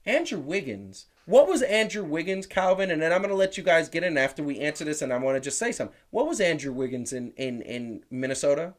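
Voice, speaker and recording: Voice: mid-range voice, fast, hardly any pauses. A host on a casual sports talk show, arguing his points emphatically. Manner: emphatic, animated, argumentative.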